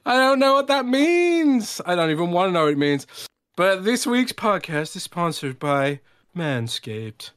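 A man's voice: sits high, very animated, measured pace, fairly bright tone, smooth, dry recording, studio quality, exaggerated voice. A man putting on a fancy, upper-class, sexy accent while reading a sponsor message. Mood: playful. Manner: playful, breaking into laughs.

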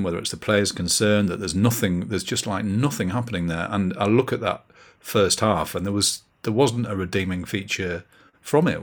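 A man hosting a casual football podcast, talking in a rambling, hesitant way with many fillers and restarts. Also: sits low. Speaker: podcast host.

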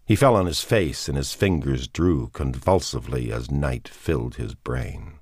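A man narrating a novel as a scripted audiobook reading, in a measured, unhurried manner. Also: a bass voice, darkish tone, husky.

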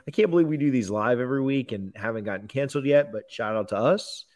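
A man's voice: mid-range voice, fast, darkish tone. A man hosting a casual bourbon-chat podcast, joking, rambling and laughing with his co-hosts. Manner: jokey, rambling, laughs often. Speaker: podcast host.

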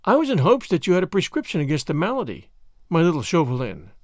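A man's voice: fairly high pitch, huge pitch swings, fast, darkish tone, dry recording, clean studio sound. A man reading a story, voicing a witty, bored young French noblewoman with a gay, teasing manner. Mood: arch, teasing. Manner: gay, teasing, airy delivery.

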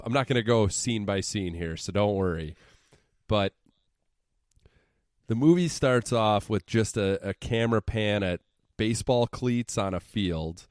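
Low-voiced man recapping a movie sarcastically. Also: clean tone, no room sound, studio quality. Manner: sarcastic, profane storytelling. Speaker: podcast co-host. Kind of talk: casual podcast movie recap.

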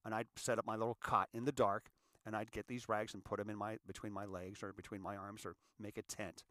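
Earnest sixty-year-old man, halting, dry sound. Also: lowish voice, flat delivery, bright, forceful tone, dry recording. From California, US. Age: 60s. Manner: halting, repeats words, earnest. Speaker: show host. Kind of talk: confessional monologue.

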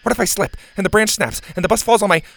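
A man's voice: lively intonation, measured pace, no echo. A man voicing an anxious, jumpy young camper in a storybook reading. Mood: panicked. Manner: high, fretful and sulky.

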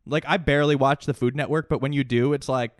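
A man's voice: medium pitch, fairly even intonation, quick pace, no room sound, studio quality. A young man co-hosting a podcast, rambling and opinionated, with lots of fillers. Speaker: podcast co-host. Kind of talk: casual chat.

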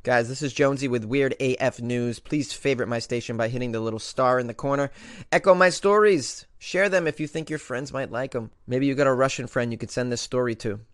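A male host reads strange news items and then jokes about them with playful mock outrage. His voice sits at an ordinary middle pitch. The delivery is a loose, casual comedic commentary. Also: brisk.

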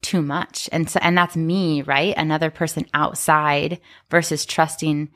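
A woman therapist, a guest on a podcast, talking in a casual, expressive way. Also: low-pitched, measured pace. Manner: animated, expressive storytelling with acted quotes and laughter. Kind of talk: casual conversational interview.

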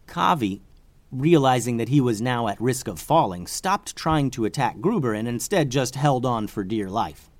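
Animated male storyteller with a dry sound. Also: medium pitch, moderate pace, dry recording. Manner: animated, rising with the action. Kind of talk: improvised story narration.

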